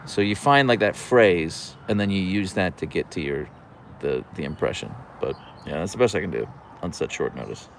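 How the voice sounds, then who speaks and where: Young male streamer, low and gravelly, lively pitch, dry sarcastic chat reader. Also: normal speed, slight background noise. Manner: dry sarcastic banter, reads chat names aloud; often trails off into low gravelly murmurs. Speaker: livestream host reading chat. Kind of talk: casual livestream chat.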